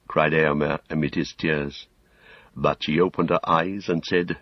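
A man narrates a story in a steady, measured way. His voice is low and husky. The recording is dry, dull and lo-fi. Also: dry recording. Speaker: audiobook narrator. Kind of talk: scripted narration.

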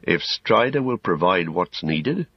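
A wounded young hobbit speaks slowly in a plain, homely way, voiced by a man reading a storybook. The voice is low and husky. The audio is dry and dull. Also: big pitch swings, no echo, exaggerated voice. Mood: wistful. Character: young male hobbit, wounded, hungry and wistful.

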